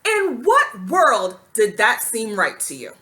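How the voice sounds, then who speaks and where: A woman's voice: fairly high pitch, huge pitch swings, takes it slowly, sharp tone. A woman talking straight to camera in a commentary vlog, blunt and indignant, with plenty of casual slang. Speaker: commentary vlogger.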